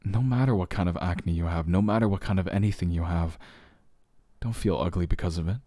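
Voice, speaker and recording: A deep-voiced man in a whispered role-play, playing a gentle boyfriend who soothes with slow, hesitant reassurance. His tone is mellow and dark, recorded close and dry with no room sound. He sighs softly and lets quiet laughs slip between his words. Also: no room sound.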